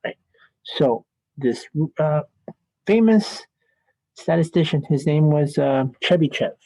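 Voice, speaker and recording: Slow, joking male statistics teacher. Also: on the high side, animated, vocal fry, dark tone, no echo, low-quality recording. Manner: chatty, joking asides, thinks aloud while drawing. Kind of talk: classroom lecture.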